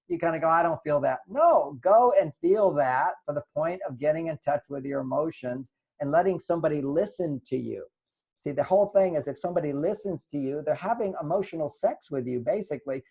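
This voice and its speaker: With a warm, fairly high-pitched voice, an older relationship author speaks as a guest in an advice talk. He lectures earnestly and performs the lines he quotes.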